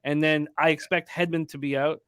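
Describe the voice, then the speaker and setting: Host, male, sports betting show: brisk and emphatic, reads off stats, voice a bit high, dry booth sound. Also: level tone, fairly bright tone, clean tone, no room sound.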